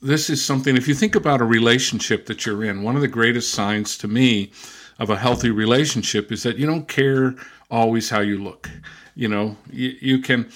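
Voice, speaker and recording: An older man recounts stories in a casual interview. He rambles, circles back and restarts his sentences, at an ordinary middle pitch. His pace stays easygoing and conversational. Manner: relaxed, rambling, with frequent restarts and fillers. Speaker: linguist and former missionary.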